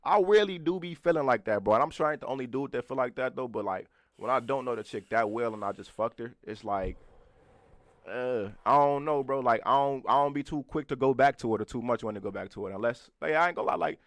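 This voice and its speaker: A man's voice: mid-range voice, fast talker, no room sound. A man in his twenties co-hosting a podcast, chatting loosely and profanely, laughing often and talking to the live chat. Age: 20s. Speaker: podcast co-host. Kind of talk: casual chat.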